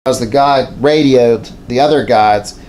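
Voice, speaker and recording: Same folksy scene: indoors at home next to a mounted moose, this southwestern Pennsylvania man spins a casual hunting yarn for the camera. His mid-range voice is slightly mellow and measured in pace, and his plain, homespun way of talking circles back over the same points.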